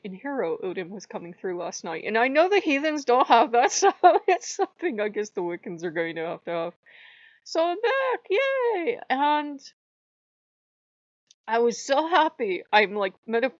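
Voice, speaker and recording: A woman chatting casually to her viewers, laughing often and slipping into bright, playful quoted voices. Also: medium pitch, no room sound, lo-fi sound. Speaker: video blogger. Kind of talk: casual chat.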